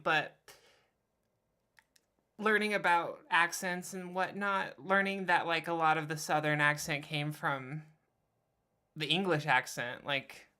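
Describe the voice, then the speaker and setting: A player with a bright, sharp tone who talks slowly and thinks out loud. The talk is loose table chat between scenes, broken up by plenty of laughter. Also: mid-range voice. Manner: slow, musing, laughs often.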